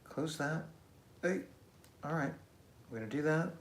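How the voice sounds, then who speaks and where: A man's voice: fairly high pitch, expressive, a little slow, a little hiss or hum. A man hosting a casual live stream, chatty and self-deprecating as he reads out comments. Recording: echoey room.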